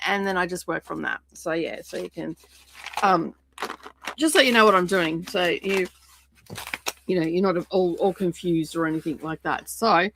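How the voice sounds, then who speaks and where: A woman's voice: on the low side, noisy background. A woman hosting a casual craft livestream from her home craft space, chatting in a rambling way as she explains what she is doing. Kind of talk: casual craft-along chat.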